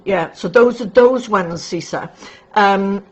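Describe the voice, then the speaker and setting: A woman's voice: mid-range voice, slow pace, slightly rough. Chatty, affectionate middle-aged woman reading tarot. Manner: chatty and affectionate, calls viewers darling. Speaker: tarot card reader. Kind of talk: casual livestream reading and chat. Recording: dull lo-fi recording with faint noise.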